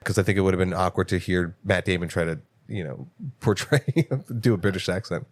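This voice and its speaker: A man co-hosting a movie podcast, ranting in casual chat with lots of swearing and sudden jumps in pitch. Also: no room sound. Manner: animated, profane ranting with quick jumps in pitch. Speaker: podcast co-host.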